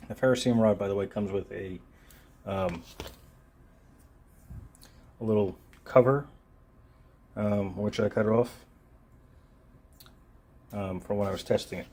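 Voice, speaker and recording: A man casually reviewing a multitool on camera, talking in a relaxed, meandering way with frequent ums and uhs while he handles it. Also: lowish voice, a little slow, long pauses. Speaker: gear reviewer. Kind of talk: unscripted product review. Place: filming himself while handling the tool.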